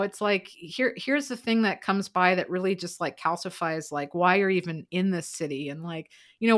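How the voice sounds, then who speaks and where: A woman hosting a casual podcast chat, rambling with fillers and bursting into loud quoted lines. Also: mid-range voice. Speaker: podcast host.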